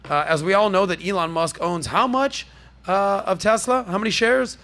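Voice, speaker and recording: A man hosting a podcast, riffing on the news with animated, jokey asides to his crew. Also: high-pitched, moderate pace. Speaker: podcast host. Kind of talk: energetic news commentary.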